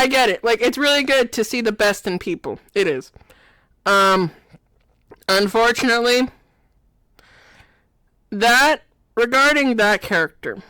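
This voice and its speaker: Woman creator, laughs her way through a slow, dry-sounding comic rant, giggly and self-deprecating. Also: on the high side, fairly bright tone, no room sound. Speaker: video creator. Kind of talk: rambling comic monologue.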